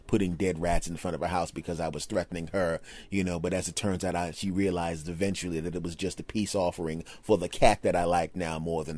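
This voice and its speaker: A man hosting a podcast, telling rambling, absurd comic stories in a deadpan way while driving his car. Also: low-pitched. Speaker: podcast host. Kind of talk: comedic storytelling monologue.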